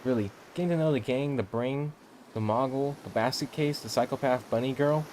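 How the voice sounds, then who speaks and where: A man's voice: mid-range voice, a little fast, darkish tone, a little hiss or hum. A man casually reading through a dating game, joking and often correcting himself. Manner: playful, joking, frequent self-corrections. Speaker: game streamer reading all parts. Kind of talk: casual game playthrough commentary. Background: music.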